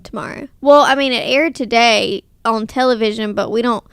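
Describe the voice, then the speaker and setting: A woman's voice: fairly high pitch, moderate pace, creaky, clear, resonant tone, no echo. A woman with a strong Southern US accent, co-hosting a casual podcast chat in a living room on a close mic, talking in a chatty, slightly defensive way. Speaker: podcast co-host. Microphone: close podcast mic on a stand.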